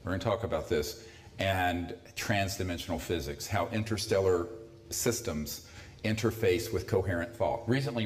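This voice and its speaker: A man in his sixties with a very low voice gives a talk to a live audience in a lecture hall. He speaks conversationally and drops in dry, sardonic asides. The room is echoey.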